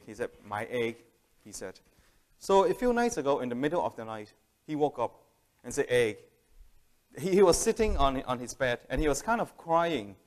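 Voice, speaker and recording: A man preaching a sermon in a plain, conversational way, telling a family story and often restarting his sentences. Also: on the high side. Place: church hall.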